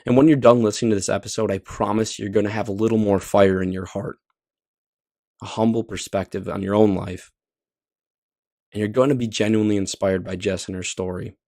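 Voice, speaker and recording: Midwestern guy hosting a podcast, kinda gravelly, dry close sound. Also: lowish voice, steady tone, a little fast, a little mellow, no room sound. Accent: Midwestern American. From Wisconsin, USA. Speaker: podcast host. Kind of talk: upbeat podcast interview.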